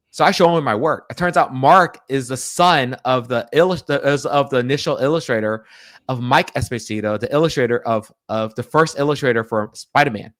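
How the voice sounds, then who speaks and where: A man telling a personal story in an interview, lively, acting out the people in it and often restarting his sentences. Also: medium pitch, a little fast, no echo, studio quality. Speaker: pastor, interview guest.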